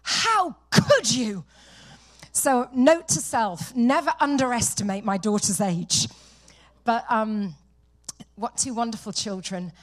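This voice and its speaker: A woman's voice: on the high side, measured pace. A woman from London in her forties with an English accent, a guest speaker opening her talk at a church, chatty and self-deprecating. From London, England. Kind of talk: sermon introduction. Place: church sanctuary.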